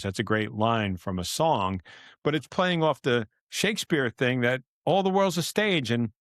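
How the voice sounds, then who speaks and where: A middle-aged man co-hosting a podcast, talking in a loose, rambling way and laughing often. His voice sits at an ordinary pitch for a man. The sound is dry and close, with no room around it. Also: expressive, normal speed, fairly bright tone, dry recording. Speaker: podcast co-host. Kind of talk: casual podcast chat.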